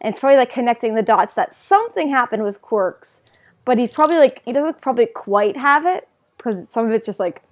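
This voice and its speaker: A woman co-hosting a podcast, chatting in an animated way and retelling scenes. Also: fairly high pitch, brisk, highs cut off. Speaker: podcast co-host. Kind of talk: casual anime discussion.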